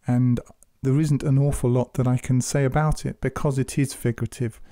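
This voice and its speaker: A man giving measured, earnest spoken commentary on scripture, exhorting his listeners. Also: mid-range voice, dark tone, no echo, studio quality. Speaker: Quran commentator.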